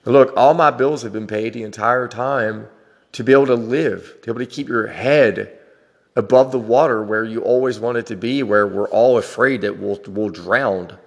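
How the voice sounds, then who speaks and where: A man's voice: medium pitch, normal speed, creaky, in a large hall. A man hosting a podcast, talking in a frank, profane, rambling personal monologue. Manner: frank and profane, with frequent laughs. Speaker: podcast host.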